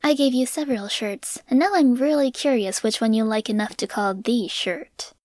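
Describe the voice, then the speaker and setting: A woman voicing a strong but kind young heroine, speaking in a gentle, reassuring voice. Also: a little high, moderate pace, no room sound, lightly acted. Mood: friendly.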